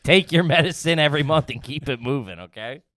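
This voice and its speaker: A man's voice: a little high, fairly quick, a bit bright, a little hiss or hum. A man hosting a podcast in casual comedy chat, teasing, swearing freely and laughing often. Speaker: podcast host.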